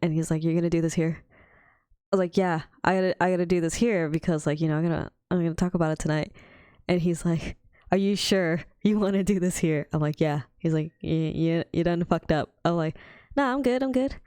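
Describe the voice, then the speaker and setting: Smooth-voiced woman telling stories, swearing. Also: fairly low pitch, fairly quick, no room sound, clean studio sound. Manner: swears a lot, animated storytelling. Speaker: podcast co-host. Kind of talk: casual chat.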